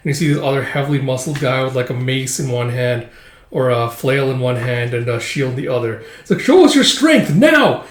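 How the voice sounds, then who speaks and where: A man's voice: mid-range voice, level tone, fairly quick. A man casually retelling a manga story with a loose, filler-heavy manner. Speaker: manga reader. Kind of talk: casual manga read-through. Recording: echoey room.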